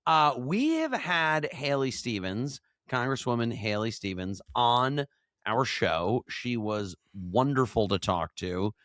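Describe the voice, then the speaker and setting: A man's voice: medium pitch, expressive, takes it slowly, fairly bright tone, dry recording, studio quality. Man hosting a podcast, playful and teasing. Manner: playful, teasing, leads the conversation. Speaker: podcast host. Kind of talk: casual chat.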